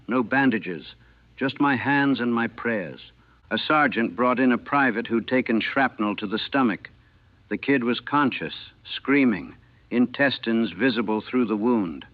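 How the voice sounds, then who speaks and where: A man narrating his wartime memories as a chaplain in a somber, measured, grave way. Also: medium pitch, no room sound. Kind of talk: first-person war memoir narration. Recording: narrow phone-like band, dry.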